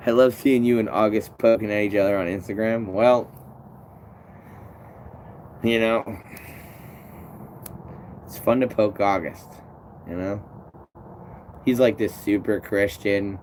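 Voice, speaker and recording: Rambling, cussing man, low voice. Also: fairly even intonation, slow, pauses often, a little mellow, slight background noise. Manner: rambling, swears a lot, restarts sentences. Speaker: tree climber streaming to viewers. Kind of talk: casual live-stream chat reading comments.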